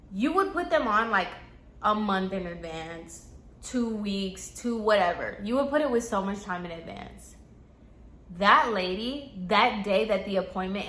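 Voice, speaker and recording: A woman tells a casual storytime, chatty and animated, with a voice that rings bright and sharp. The room throws back a noticeable echo. She speaks at a middle pitch. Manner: chatty and animated, full of "like", acting out quotes. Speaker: storytime vlogger. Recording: echoey room.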